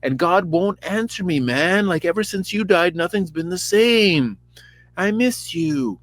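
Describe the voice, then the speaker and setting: A man's voice: high voice, lively intonation, unhurried, fairly bright tone, no echo, pitched above the performer's own voice. A man voicing a drunk, whiny king who talks like an overexcited bro.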